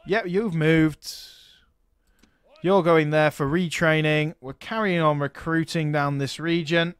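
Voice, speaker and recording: A man with a somewhat high voice talks casually through a strategy game, thinking aloud as he goes. He is chatty and laughs easily, with faint music playing underneath. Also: fairly bright tone. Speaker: let's play host.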